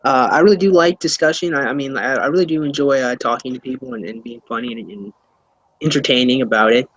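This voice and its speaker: A man's voice: medium pitch, quick pace, fairly bright tone, no echo, muffled recording. Rambling young man, dry close sound. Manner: rambling, hesitant, many fillers and restarts. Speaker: YouTuber being interviewed. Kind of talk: casual interview answers.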